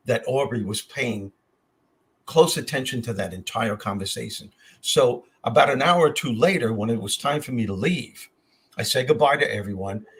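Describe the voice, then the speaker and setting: A man's voice: mid-range voice, fairly bright tone, husky. An older man hosting a podcast, telling personal stories in a heartfelt way and often repeating his words as he goes. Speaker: podcast host. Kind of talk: casual chat, personal storytelling.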